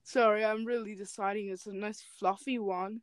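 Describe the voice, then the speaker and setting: A woman's voice: medium pitch, fairly even intonation, normal speed, clean tone, dry recording. A young woman reads fan fiction aloud in an over-the-top dramatic way, breaking off to joke and laugh. Her voice sits in a middle register. The sound is dry and close, with no room around it. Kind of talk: casual chat with dramatic reading.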